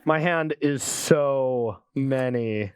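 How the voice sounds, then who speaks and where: A man's voice: mid-range voice, extremely slow, clear, resonant tone, no room sound. A man playing a card game match on a show, chatting casually, joking and laughing often. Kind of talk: casual play-along chat.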